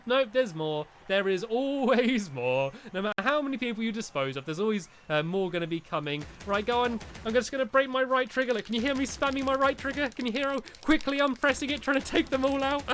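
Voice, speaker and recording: A man giving chatty, excitable let's-play commentary, talking straight to his viewers and cheering himself on at a desk microphone. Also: very high-pitched. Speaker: gaming YouTuber. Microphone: desk microphone while gaming.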